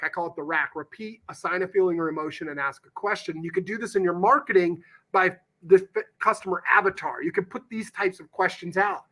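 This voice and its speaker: Here the guest's voice is high and sharp, fairly quick with hardly any pauses. He's a real estate investor on a podcast, pitching his deals emphatically like a salesman, with an occasional casual curse.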